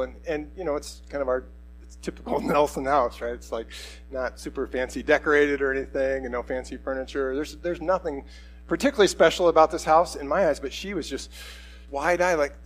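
A middle-aged man preaching a sermon, telling a personal story in a conversational, animated way. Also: mid-range voice, fairly quick, a little hiss or hum, rough recording. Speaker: pastor.

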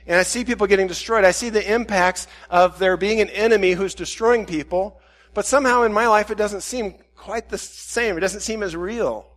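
A man's voice: high-pitched, normal speed, fairly bright tone. A man preaching a candid, self-questioning sermon and voicing his own inner dialogue. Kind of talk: reflective sermon.

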